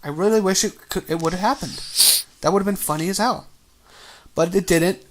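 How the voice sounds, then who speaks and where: A man's voice: high-pitched, brisk, slight background noise. A man co-hosting a casual sports podcast, rambling and joking with sarcastic asides. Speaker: podcast co-host.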